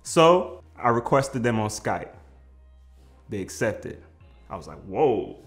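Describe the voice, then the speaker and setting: A man telling a funny personal story in casual slang, animated and prone to shouting out the lines he quotes. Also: medium pitch, takes it slowly, soft background music. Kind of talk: comedic storytelling.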